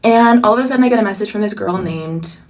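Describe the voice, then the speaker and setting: A young woman telling a personal story in a chatty storytime vlog, animated and full of asides. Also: medium pitch, fast, far from the mic.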